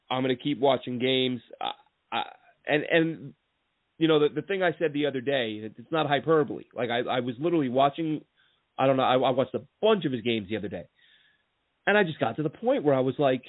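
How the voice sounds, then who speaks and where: A man's voice: mid-range voice, dry recording. A man hosting a casual sports podcast, telling long rambling stories with lots of restarts and asides. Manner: rambling, animated storytelling with many restarts. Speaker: podcast host. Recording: tinny phone-line sound, dry.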